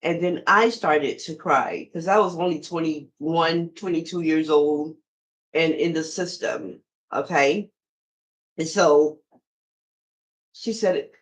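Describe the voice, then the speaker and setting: A woman's voice: deep voice, fairly even intonation, slow, low-quality recording. A middle-aged woman hosting a podcast, telling a personal story in a conversational way and talking straight to her listeners. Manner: conversational, addresses listeners directly. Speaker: podcast host.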